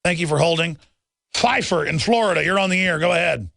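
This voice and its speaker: Gravelly ranting talk radio host. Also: male voice, a little high, brisk, pushed and bright, no room sound, clean studio sound. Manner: rambling, restarts and heated asides. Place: radio studio.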